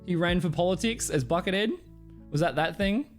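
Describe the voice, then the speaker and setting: A man's voice: high-pitched, brisk, faint music behind. A man streaming live, chatting casually and reacting to clips, rambling, swearing and laughing often.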